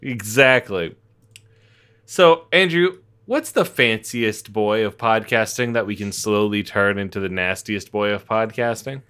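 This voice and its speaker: A man co-hosting a comedy podcast in casual chat, profane and quick to laugh as he tells a story. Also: fairly low pitch, a bit bright, clean tone. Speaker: podcast co-host.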